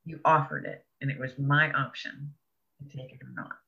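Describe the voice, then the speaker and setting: A podcast guest and author tells her story in an interview, her bright voice extremely low in pitch and gravelly, at a moderate pace. Earnest and expressive, she laughs between thoughts, heard through dull lo-fi audio.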